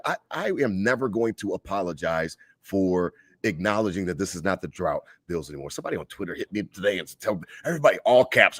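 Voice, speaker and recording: Man, low voice, heated sports talk, casual podcast, dry mic. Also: quick pace, hardly any pauses, breathy edge, dry recording. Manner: animated, heated fan rant. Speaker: podcast co-host.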